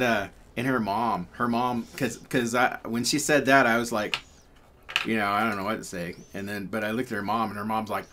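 A man's voice: lowish voice, sharp tone, slight background noise. A man telling a story casually, rambling and chatty, with lots of fillers and laughs. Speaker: pyrography channel host.

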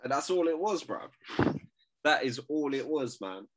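A man's voice: on the high side, lively intonation, unhurried, fairly bright tone. Brash, laughing man saying "bruv". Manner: brash, swearing, laughing, says "bruv" a lot. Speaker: podcast co-host. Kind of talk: casual podcast banter.

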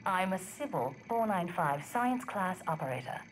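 A woman's voice: lowish voice, big pitch swings, moderate pace, a little hiss or hum, rough recording. A woman voicing a polite female science operator robot in a game, speaking with a Southern English accent. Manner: polite, smooth assistant voice.

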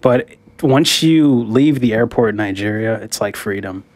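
A man's voice: on the low side, moderate pace, no echo. Man, casual podcast chat, laid-back, says dude, dry sound. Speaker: podcast co-host.

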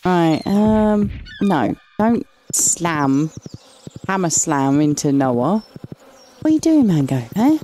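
A woman's voice: lowish voice, sing-song, slow, warm tone, slight background noise. An English woman giving casual, chatty commentary while playing and reading game dialogue aloud, affectionately calling characters "lovely". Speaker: gaming channel host.

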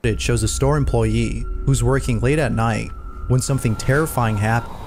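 A man giving a scripted narration of a scary video compilation in an even, measured delivery. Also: mid-range voice, background noise. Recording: narration over background music.

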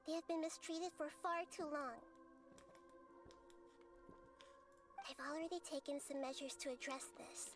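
High, light voice of a small, wise girlish goddess, as a woman plays her in a video game. She speaks gently, calmly and earnestly, and faint game music runs underneath. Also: fairly quick, natural voice. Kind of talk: game voice acting.

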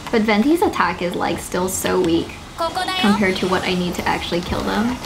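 A young woman giving casual commentary while playing a video game, excitable and swearing, gasping and squealing when her characters are in danger. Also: fairly low pitch, moderate pace, gravelly. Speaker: gaming streamer. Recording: game music playing behind.

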